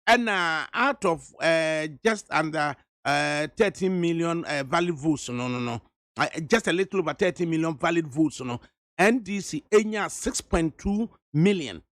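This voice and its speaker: Ghanaian radio host guy, high voice, keeps pushing the guest, dry studio sound. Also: expressive, moderate pace, fairly bright tone, no room sound. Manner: pressing, probing questions, mixing Twi and English. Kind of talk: radio interview.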